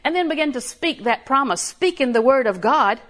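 High-voiced woman preaching. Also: lively intonation, normal speed, a bit bright. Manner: conversational, laughs often, rising emphasis on key lines. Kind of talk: sermon.

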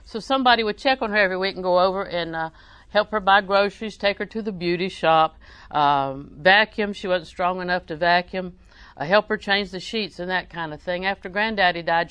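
A woman's voice: mid-range voice, a bit bright, clear, resonant tone, no echo. A woman preaching a sermon, reading scripture aloud and telling folksy family stories.

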